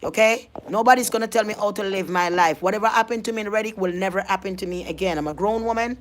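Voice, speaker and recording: A woman's voice: mid-range voice, fast talker. An adult woman, ranting in a vlog monologue, emphatic and confrontational, often repeating herself. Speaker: vlogger.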